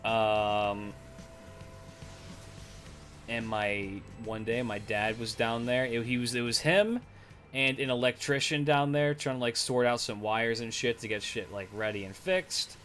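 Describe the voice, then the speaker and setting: A man's voice: medium pitch, measured pace, fairly bright tone, faint music behind. A young man streaming, telling stories in a rambling, profane casual chat with many fillers.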